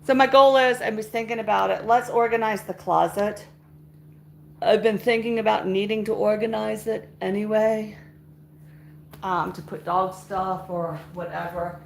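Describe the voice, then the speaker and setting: A woman's voice: mid-range voice, steady tone, moderate pace, creaky, slight background noise. A middle-aged woman chatting casually with live-stream viewers as she tidies and sorts her house. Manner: chatty, talks to viewers while sorting and moving things. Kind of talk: casual live-stream chat while tidying. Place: house interior, moving between rooms.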